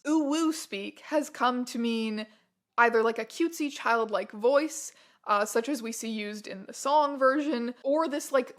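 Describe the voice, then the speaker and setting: A woman hosting a casual internet-culture commentary vlog, talking in an animated, emphatic and playful way. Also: fairly high pitch. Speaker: YouTube host.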